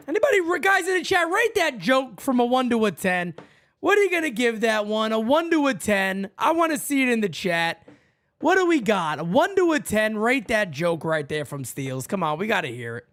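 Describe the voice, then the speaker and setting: A man hosting a live fan chat, loud and full of banter, his voice leaping up and down as he riffs on the viewers' comments. He talks in a rough, swearing, casual way. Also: sits high. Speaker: live stream host.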